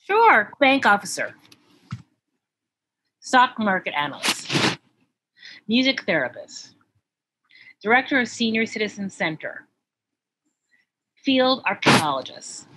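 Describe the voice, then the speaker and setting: A woman joining in a workshop discussion, thinking aloud at a middle pitch. She is eager and quick to reel off connections between ideas, with a faint hum of noise behind her. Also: very animated, sharp tone, poor audio. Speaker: workshop participant.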